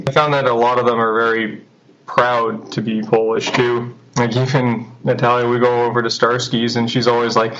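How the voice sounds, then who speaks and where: A man's voice: mid-range voice, little pitch movement, normal speed, fairly bright tone, a little hiss or hum. A young man chatting as an interview guest, laughing often and acting out quotes. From Canada. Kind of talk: casual interview chat. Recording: dull lo-fi recording.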